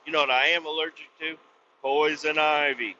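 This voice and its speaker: A man hosting a podcast, ranting bluntly with lots of swearing and sudden loud outbursts. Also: fairly high pitch, steady tone, normal speed, a little hiss or hum. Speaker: podcast host. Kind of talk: profane comic rant. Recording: slightly dull lo-fi recording.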